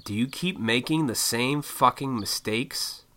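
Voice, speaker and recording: Profane, bright-voiced man ranting. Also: mid-range voice, unhurried. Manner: profane, blunt, mocking impressions of others. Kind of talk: casual motivational rant.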